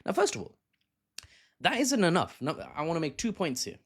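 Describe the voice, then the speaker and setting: A man's voice: on the high side, wildly swooping pitch, fairly quick, slightly rough. A man giving casual political commentary, conversational, often correcting himself and adding joking asides.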